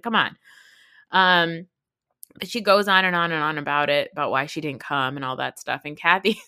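A woman's voice: fairly low pitch, fairly bright tone, no room sound, studio quality. Snarky, chatty woman podcast host. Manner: chatty, snarky, swears freely, laughs often. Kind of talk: casual commentary on reality TV.

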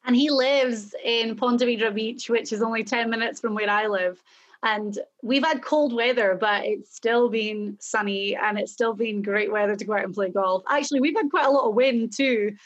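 A woman's voice: fairly high pitch, normal speed, lo-fi sound. A woman hosting a casual golf betting chat, upbeat as she reads out stats and runs the segment. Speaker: golf show host.

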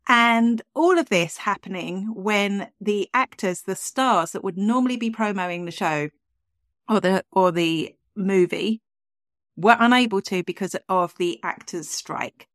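A woman's voice: mid-range voice, unhurried, no echo, clean studio sound. A woman hosting a podcast, chatting in an upbeat way with lots of asides. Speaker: podcast host. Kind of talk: casual chat.

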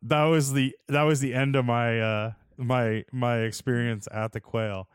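A young man chats casually and tells stories in a loose, laid-back way. His voice is smooth and clear, at a middle pitch, recorded close and dry with no room sound. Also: steady tone, unhurried, no room sound. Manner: laid-back storytelling, lots of "like" and "dude". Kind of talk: casual chat.

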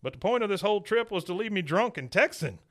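A man's voice: high-pitched, expressive, quick pace, a bit bright, voice pushed up. A man putting on the voice of an uptight, indignant middle-aged son who protests in a whiny way.

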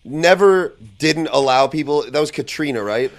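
A man's voice: a little high, normal speed. A man making wry, teasing remarks as a comedian in casual chat.

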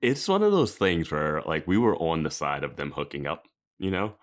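A man's voice: extremely low pitch, huge pitch swings, moderate pace. A man co-hosting a podcast in casual chat, laughing often and wandering into asides. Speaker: podcast co-host.

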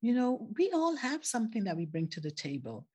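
A woman's voice: fairly high pitch, huge pitch swings, brisk, a little mellow, breathy edge. An older woman who grew up in the Caribbean, speaking reflectively as a podcast guest and laughing easily. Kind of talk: conversational interview.

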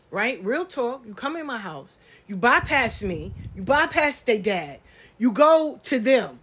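Blunt, animated woman podcaster. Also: on the high side, unhurried, breathy edge. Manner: blunt, animated, swears freely. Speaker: podcast host. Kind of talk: casual monologue.

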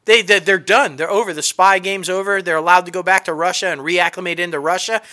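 A man co-hosting a casual podcast chat about films and TV, telling plot twists in an excited, emphatic way. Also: high-pitched, fast talker. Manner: excited, animated, emphatic storytelling with repetition. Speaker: podcast co-host.

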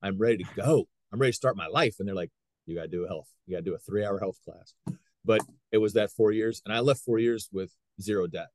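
A middle-aged man, a high school wrestling coach, telling stories in a casual interview with lots of restarts. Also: quick pace, no echo. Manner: animated storyteller, frequent restarts.

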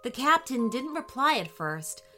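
Slow, lively woman reading a kids' story. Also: sits high, soft background music. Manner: gentle, expressive storybook reading with voiced quotes. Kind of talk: children's bedtime story narration.

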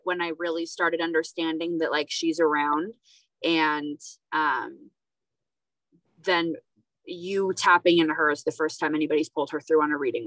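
A woman's voice: low voice, fairly bright tone, no room sound, low-quality recording. A woman hosting a casual podcast conversation, talking in a rambling, hesitant way with many fillers. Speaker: podcast host.

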